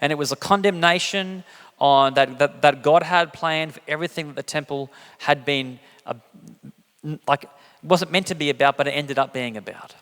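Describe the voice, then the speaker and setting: A man giving a sermon in a loose, conversational way, breaking into playful voices when he quotes people. His voice sits a little high, and it rings out with the long reverb of a church hall. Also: normal speed, a bit bright, clean tone. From England. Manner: conversational, jokey, acts out quotes with big pitch jumps. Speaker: pastor.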